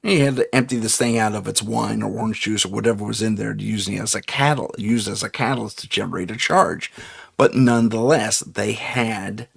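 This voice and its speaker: Gravelly, husky man rambling on a live show. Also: fairly low pitch, fairly quick. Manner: rambling, self-correcting, chuckles often. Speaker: podcast host. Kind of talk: live open-mic talk show.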